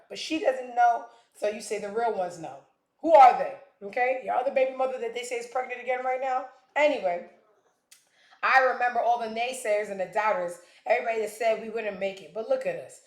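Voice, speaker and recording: A woman's voice: fairly high pitch, darkish tone. A woman hosting a commentary show, talking bluntly and sarcastically with plenty of profanity. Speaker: show host. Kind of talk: casual commentary. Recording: echoey room.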